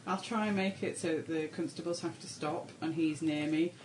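A man's voice: on the high side, fairly even intonation, moderate pace, a little hiss or hum, poor audio. A man playing at a tabletop game, chatting casually in a playful, giggly way. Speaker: player.

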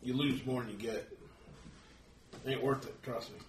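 A man speaking in character during a tabletop game in a gruff, plain-spoken, folksy way. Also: mid-range voice, fairly even intonation, moderate pace, distant mic. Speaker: player. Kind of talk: in-character tabletop role-play. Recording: echoey room, away from the mic, background noise.

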